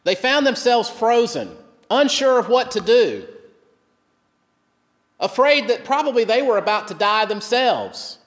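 A man with a rather high voice delivers a sermon, retelling the story and going hushed and low whenever he quotes. His words ring out with the long reverb of a church hall. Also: big pitch swings, measured pace, long pauses. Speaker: pastor.

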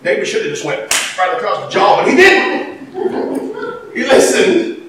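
A man preaching a sermon in folksy, animated storytelling style, breaking into sudden shouts. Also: extremely high pitch, measured pace, background noise. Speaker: pastor. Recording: echoey hall, mic far off.

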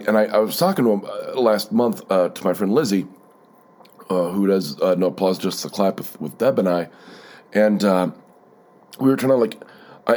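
A man's voice: fairly low pitch, a little mellow. A man hosting a solo podcast, rambling through a sardonic, profane story with many fillers, a bit stuffed up from a cold. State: stuffy, keeps blowing his nose. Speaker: podcast host.

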